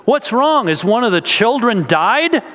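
A preacher doing a worried weary husband. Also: male voice, very high voice, big pitch swings, unhurried, a bit bright, in a large hall, pitched above the performer's own voice, exaggerated voice. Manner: anxious questioning.

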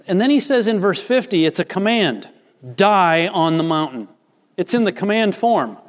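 Pastor, male, fairly high voice, earnest emphatic sermon delivery in a reverberant hall. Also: animated, moderate pace. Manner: earnest, emphatic preaching with varied pace. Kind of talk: sermon with scripture reading.

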